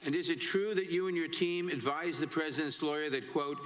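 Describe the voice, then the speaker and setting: A man chairing a hearing, asking measured, formal questions and reading out quotations. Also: on the high side, fairly bright tone. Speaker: committee chairman. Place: hearing room.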